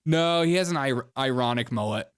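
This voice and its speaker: A man in an average pitch range hosts a loose reaction show. He talks casually, teases the clips he is watching and breaks into laughter again and again. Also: animated, moderate pace, smooth. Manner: mocking, laughs often while talking. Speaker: host.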